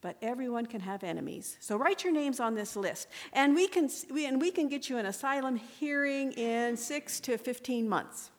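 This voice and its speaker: A woman's voice: a little high, animated, moderate pace, hardly any pauses, voice pushed up, lightly acted. A woman reading aloud as a weary, irritable male border soldier, questioning with dry skepticism. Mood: curt, sardonic. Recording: echoey room with long reverb.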